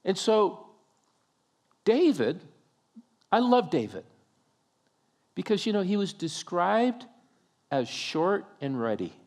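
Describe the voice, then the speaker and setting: A man's voice: high-pitched, big pitch swings, slow pace, pauses often, darkish tone. A male pastor preaching a sermon, telling a story with humorous asides and acting out the scenes.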